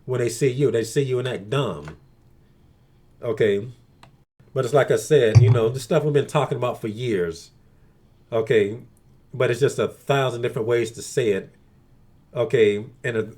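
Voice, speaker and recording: Male vlogger, casual crude monologue, swears freely, rambles with many "okay"s, average pitch. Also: moderate pace, long pauses, darkish tone. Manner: crude, profane, repeats "okay" often. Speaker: video blogger.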